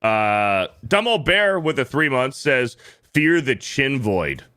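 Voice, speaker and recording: A man's voice: medium pitch, big pitch swings, takes it slowly, bright, forceful tone, clear, resonant tone. A man hosting a casual livestream, cursing freely and reading out viewer donations and messages. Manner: profane, loose, reads donor messages aloud. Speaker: show host reading super chats.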